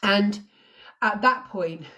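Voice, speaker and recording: An English woman hosting a live true crime stream, telling the story emotionally and close to tears, pausing to thank viewers. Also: mid-range voice, sharp tone.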